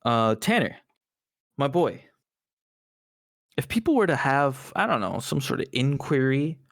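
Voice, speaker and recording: A man co-hosting a podcast in casual chat, animated and joking, swearing casually. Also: mid-range voice, measured pace, vocal fry. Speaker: podcast co-host.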